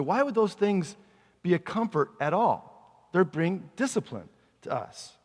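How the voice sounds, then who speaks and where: A man's voice: high-pitched, big pitch swings, measured pace, long reverb tail. A male pastor preaching a sermon in a conversational way, asking the congregation questions as he goes.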